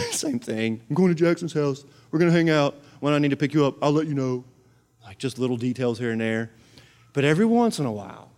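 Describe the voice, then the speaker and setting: A middle-aged man preaching a sermon, animated and swinging into loud, fervent prayer. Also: medium pitch, clear, resonant tone. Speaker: pastor.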